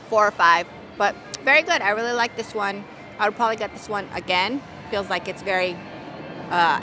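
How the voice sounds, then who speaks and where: A woman's voice: mid-range voice, noisy background. A woman food vlogger chatting casually as she tastes and reviews dishes outdoors, hedging and thinking aloud. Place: outdoors at a theme park, windy.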